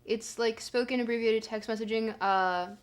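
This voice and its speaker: A woman's voice: fairly high pitch, steady tone, moderate pace. A young woman streaming live, chatting casually and joking as she reads her chat aloud.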